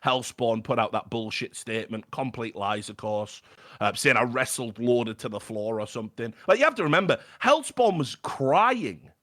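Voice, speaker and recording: A man's voice: medium pitch, expressive, normal speed, fairly bright tone. A British man on a podcast, telling a story in casual chat, swearing freely and restarting his sentences. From Britain. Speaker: podcast guest.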